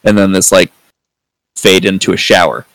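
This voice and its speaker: A man's voice: sits low, fairly even intonation, normal speed, a bit bright, no room sound, poor audio. A man hosting a podcast in casual review chat, rambling with lots of fillers and free swearing. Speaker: podcast host.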